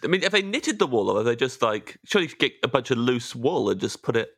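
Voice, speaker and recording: A man's voice: mid-range voice, very animated, fast. A man co-hosting a podcast, asking questions in a casual chat and laughing easily. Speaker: podcast co-host.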